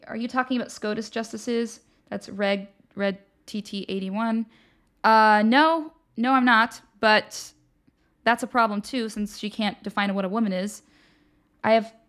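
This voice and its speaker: A woman's voice: on the high side, fairly bright tone. A young woman hosting a live online show, chatting casually with many fillers and reading viewer comments aloud. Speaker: livestream show host. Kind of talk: casual opinion livestream, reading chat.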